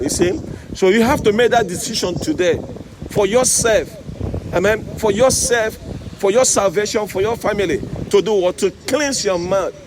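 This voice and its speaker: A man with a high voice preaching outdoors beside a road. He keeps asking his listeners "Amen?" and "you see?", while loud traffic noise runs under the whole recording. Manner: call-and-response, repeated "Amen?" and "you see?". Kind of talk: street sermon. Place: outdoors by a road with passing cars in the rain.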